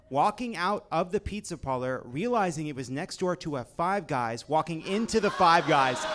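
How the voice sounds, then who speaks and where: A man's voice: fairly high pitch, a bit bright, slight background noise. A man in his thirties, a podcast host, ranting about food in a profane, emphatic, mock-outraged way. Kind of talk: comedic rant about food.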